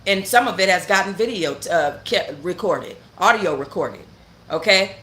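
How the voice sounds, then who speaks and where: A woman's voice: fairly low pitch, expressive, moderate pace, fairly bright tone. Heated woman ranting in a roomy space. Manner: heated, blunt and profane, with emphatic repetition. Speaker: channel host. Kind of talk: casual storytime rant.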